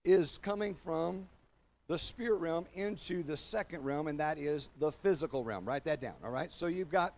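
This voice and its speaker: An older man, a pastor, preaching a sermon to his congregation and online viewers, moving from loud emphatic declarations to low, slow confiding passages. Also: slight background noise.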